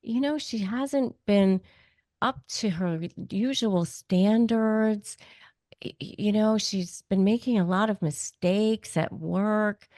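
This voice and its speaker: A woman voicing a falsely concerned, sly gossiping woman who talks softly and hesitantly. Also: mid-range voice, takes it slowly, no room sound, clean studio sound, natural voice. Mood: fake worry. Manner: soft, hesitant, faux-worried.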